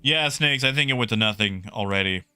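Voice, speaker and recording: A man streaming a space game live, talking to his chat in an excitable way and often repeating himself. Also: on the low side, a little fast, clean tone, dry recording, faint music behind. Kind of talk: live gameplay commentary.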